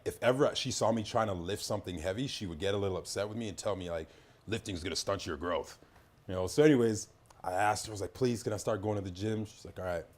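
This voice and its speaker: A man's voice: low voice, a little mellow. A Canadian-raised man chatting on a podcast, telling a long rambling story with many restarts and asides. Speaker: podcast guest. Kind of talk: casual podcast chat.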